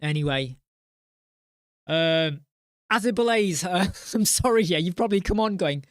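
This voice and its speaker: A man's voice: high voice, animated, measured pace, pauses often, dry recording, studio quality. Ranting man hosting a live chat. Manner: passionate, ranting, swears. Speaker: host.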